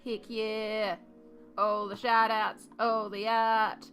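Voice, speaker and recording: An upbeat woman talks to her live-stream chat while she paints, in a relaxed, rambling way. Her voice sits in a middle pitch range. Faint music plays underneath. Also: takes it slowly. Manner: chatty and upbeat, reading and answering chat. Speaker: art streamer.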